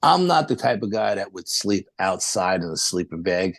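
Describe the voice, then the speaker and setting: Low-voiced man telling a rambling story. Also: moderate pace, gravelly, dry recording. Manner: rambling, animated retelling with quoted dialogue. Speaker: podcast guest. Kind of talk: casual storytelling.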